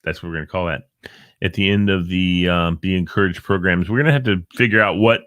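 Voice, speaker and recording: Chatting casually on his live online show, a middle-aged man jokes and reads out the names of viewers. He speaks fairly quickly in a low, fairly bright voice, and there is no room sound.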